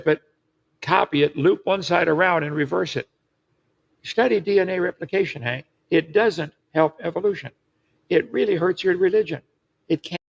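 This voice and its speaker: A man's voice: high voice, normal speed, creaky, husky, dull audio. A man lecturing assertively in an old recorded clip. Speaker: creationist speaker.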